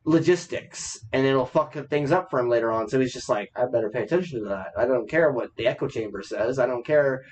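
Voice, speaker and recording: A man's voice: medium pitch, brisk, few pauses, darkish tone. A man co-hosting a podcast, chatting casually as an opinionated storyteller who swears freely. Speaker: podcast co-host. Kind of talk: casual chat.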